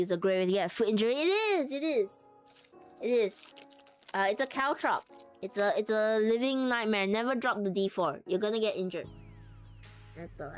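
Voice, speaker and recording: A young woman chatting on a live stream in a middle-pitched voice, giggly and rambling as she thinks aloud. Soft music plays faintly underneath her talk. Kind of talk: casual live-stream chat.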